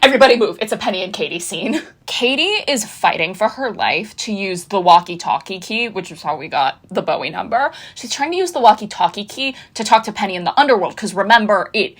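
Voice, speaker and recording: A woman's voice: mid-range voice, expressive, a little fast, few pauses, fairly bright tone, breathy edge. A woman in her twenties giving a casual, sardonic recap of a TV season, chatting and acting out the characters' lines. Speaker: video essayist.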